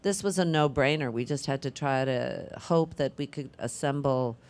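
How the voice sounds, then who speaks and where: A middle-aged actress answering on a panel, thinking aloud in a rambling, conversational way. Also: female voice, a bass voice, normal speed, darkish tone.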